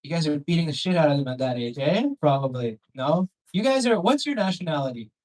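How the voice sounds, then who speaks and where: A man's voice: fairly high pitch, animated, fairly quick, a little mellow, low-quality recording. A young man doing a crude, rambling stand-up set with crowd work on a comedy club stage, on a handheld mic.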